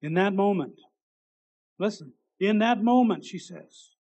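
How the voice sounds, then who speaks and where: A man preaching a sermon, reading out a testimony, swinging between loud and hushed. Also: high voice, lively intonation, a little slow, creaky, slightly rough, poor audio.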